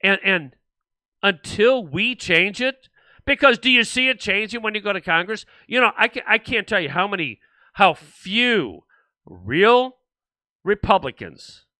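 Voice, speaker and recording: A man's voice: high-pitched, no room sound. A man hosting a livestream, ranting sarcastically about politics and reading out viewer comments. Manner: animated and sarcastic, mocking other voices. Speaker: livestream show host.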